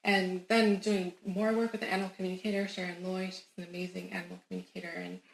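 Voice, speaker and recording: A woman guest on an interview show, telling a personal story in an animated, emphatic way and laughing often. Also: on the low side, quick pace, creaky. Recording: roomy echo.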